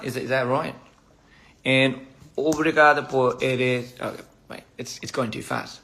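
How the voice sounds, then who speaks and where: A man's voice: medium pitch, fairly even intonation, measured pace, vocal fry, a bit bright, a little hiss or hum. A young man on a casual phone livestream, playfully stumbling over foreign phrases while he eats. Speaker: livestream host. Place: indoors at a meal.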